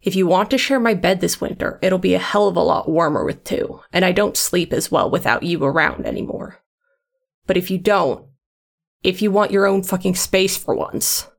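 A woman's voice: on the low side, normal speed, gravelly. A woman voicing a grumpy, protective male monster hunter who curses constantly and talks bluntly. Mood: gruff.

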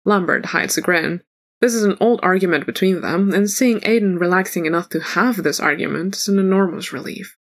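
A woman reading a fan story aloud as a narrator, in an even storytelling manner. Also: fairly low pitch, brisk.

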